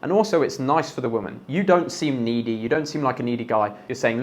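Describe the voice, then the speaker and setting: A man's voice: medium pitch, fast talker, few pauses. Blunt, profane man giving dating advice. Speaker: dating coach. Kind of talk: direct advice monologue.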